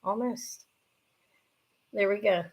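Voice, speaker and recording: A middle-aged woman hosting a live jewelry sale, chatty and self-mocking, swearing freely and breaking into loud laughter. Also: mid-range voice, fairly even intonation, takes it slowly. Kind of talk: casual live-stream selling.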